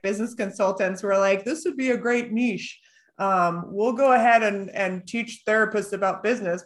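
A middle-aged woman therapist who co-hosts a group Q&A, chatting and telling stories with frequent laughter. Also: medium pitch. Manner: chatty, animated storyteller, laughs often. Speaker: podcast co-host and business coach for therapists. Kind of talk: casual group Q&A chat.

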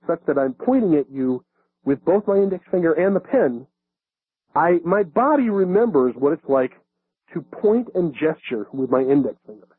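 A man's voice: on the high side, slightly rough, no echo. A man explaining self-defense grips in a casual, conversational teaching manner, with frequent fillers and restarts. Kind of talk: casual instructional talk. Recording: dry, narrow phone-like sound.

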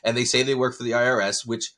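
A man's voice: mid-range voice, steady tone, fast, bright, forceful tone. A man co-hosting a casual podcast, blunt and profane, laughing often as he talks. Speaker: podcast co-host.

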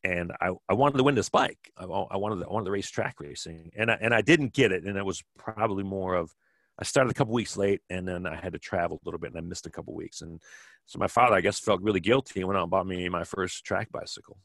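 Deep, gravelly, and a bit bright, this man's voice moves fast with no room sound. He's in his fifties, from Kenosha, Wisconsin, a former track cyclist telling rambling stories in a relaxed interview, restarting often.

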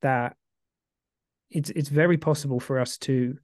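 A man co-hosting a casual podcast, rambling with many restarts and getting excitable when he warms to a point. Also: mid-range voice, measured pace, no echo, clean studio sound. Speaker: podcast co-host.

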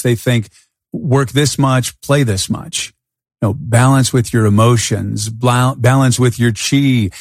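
A man hosting a podcast, telling stories in a casual, animated way and acting out his own thoughts. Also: mid-range voice, no echo, clean studio sound. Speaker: podcast host. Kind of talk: storytelling in a casual interview. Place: Arizona.

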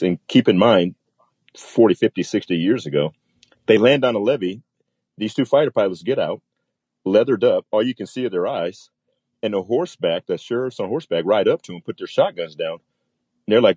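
Male guest, military pilot, low husky voice, lively storyteller who acts out the quotes. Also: moderate pace, dry recording. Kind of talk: storytelling in a casual interview.

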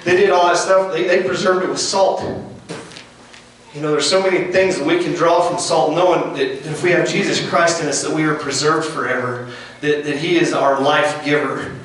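An earnest, folksy man preaching outdoors, often sinking to a hush. His fairly high voice sounds far from the mic and echoes heavily. Faint ambience hums behind him. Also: steady tone, moderate pace, slight background noise. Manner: earnest, repetitive, folksy, dropping to hushed tones. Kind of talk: sermon.

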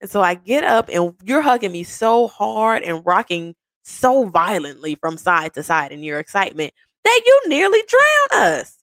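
A woman speaks into a close mic, telling a love story to her partner like a personal podcast. She is animated and playful, and she acts out the voices in her story. The sound is dry and intimate, with no room echo. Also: mid-range voice, moderate pace. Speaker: podcast host.

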